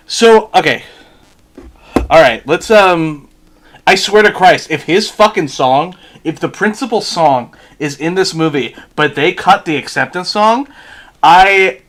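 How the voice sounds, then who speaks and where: A man's voice: on the high side, expressive, measured pace, a bit bright. A man chatting casually while watching a movie with a friend on stream, swearing a lot as he rants in exasperation. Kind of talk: casual watch-along chat. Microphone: headset or desk mic with earphones.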